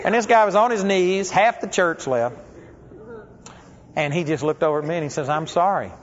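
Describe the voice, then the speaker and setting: Speaking at normal speed in a high-pitched voice, he delivers a sermon built on folksy, conversational stories. It's captured in a dull lo-fi recording with long hall reverb.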